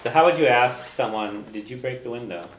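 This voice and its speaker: A man teaching a language class, patiently drilling phrases slowly so students can repeat them. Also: mid-range voice, reverberant, over a noisy crowd, low-quality recording.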